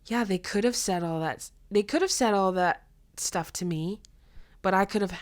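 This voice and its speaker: Animated, chatty young woman podcaster. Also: normal speed. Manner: animated storytelling, acts out quoted voices with big pitch jumps; frank and blunt, with mild swearing. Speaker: podcast host. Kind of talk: casual solo podcast chat.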